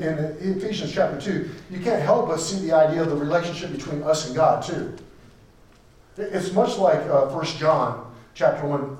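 Man preaching from afar in an echoey hall. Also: fairly high pitch. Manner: emphatic, repeats key phrases for stress; switches between loud declarations and quiet asides. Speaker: pastor. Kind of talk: sermon. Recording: echoey room, voice from a distance.

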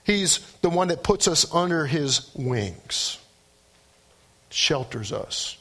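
A man preaching a sermon, animated, with his voice rising and dropping for emphasis. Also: fairly high pitch, slow pace, slightly rough. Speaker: pastor.

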